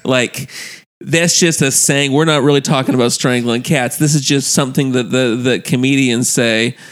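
A man's voice: medium pitch, steady tone, normal speed. A man telling a long profane story in casual chat, acting out the people he quotes. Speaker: podcast guest telling a story.

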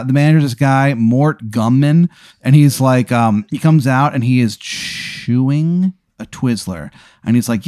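A man's voice: medium pitch, moderate pace, warm tone, no room sound, studio quality. A man hosting a podcast, improvising a comic story in a rambling, profane way, full of fillers. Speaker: podcast host.

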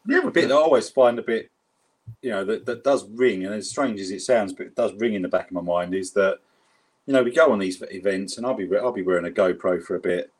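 South London bloke, husky low voice, rambling casual chat, co-host. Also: male voice, quick pace. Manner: rambling, chatty, lots of fillers.

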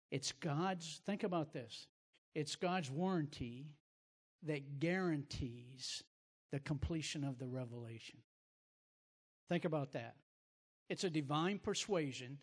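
A man's voice: mid-range voice, husky, long reverb tail. A man hosting and teaching like a preacher, emphatic and repeating words as he builds his point. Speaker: preacher host. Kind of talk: sermon-like teaching.

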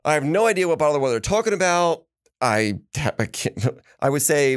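Lively, gravelly-voiced man hosting a podcast. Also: on the high side, quick pace. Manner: animated storytelling with acted quotes. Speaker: podcast host. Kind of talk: casual podcast talk.

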